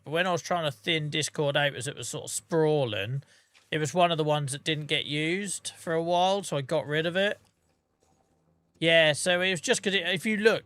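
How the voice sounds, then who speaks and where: A man's voice: fairly high pitch, pushed and bright, no echo. A man streaming a game, chatting casually with his viewers by name and humming to himself between remarks. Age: adult with a day job. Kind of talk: casual livestream chat while gaming.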